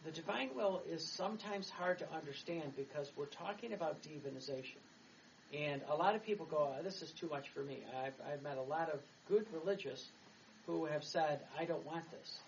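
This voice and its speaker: A man's voice: fairly high pitch, moderate pace. A middle-aged man, a Catholic priest, giving a chatty homily that rambles, with laughs and restarts. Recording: distant mic, dull sound, faint background noise.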